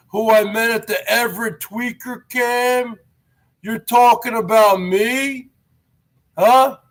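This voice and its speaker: Taunting skater dude, bright and slow-talking, boastful and challenging, as a man puts him on. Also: very high-pitched, full character voice. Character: brash aging male skater, taunting and boastful.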